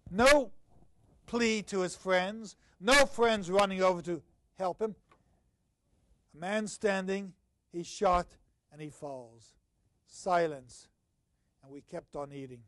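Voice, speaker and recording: An older man giving a university literature lecture. He swings between loud, stressed points and low, quiet asides, and he reads passages aloud in a slow, marked rhythm. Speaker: literature professor.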